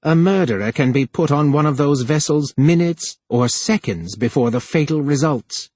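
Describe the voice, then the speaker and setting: A male narrator voicing a plump, scheming male official who sneers and then pleads in a higher voice. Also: moderate pace, a little mellow, husky, no room sound. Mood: pleading.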